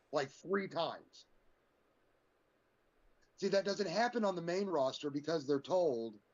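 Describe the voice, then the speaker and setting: A man's voice: high-pitched, a little mellow. A man co-hosting a casual wrestling chat podcast, ranting in a heated, profane way. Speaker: podcast co-host. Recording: dull lo-fi sound.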